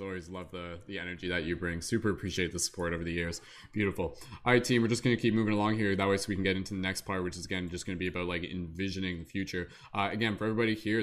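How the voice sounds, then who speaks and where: Fast-talking man hosting a panel. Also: sits low, fairly bright tone. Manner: rambling, lots of "like" and restarts. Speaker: host of a live online panel. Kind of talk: casual, enthusiastic hosting.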